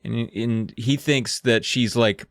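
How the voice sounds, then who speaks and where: A man's voice: mid-range voice, steady tone, slow, no room sound, studio quality. A man co-hosting a podcast, recapping a book in a rambling, sarcastic way. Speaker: podcast co-host. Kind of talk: casual comedic book recap.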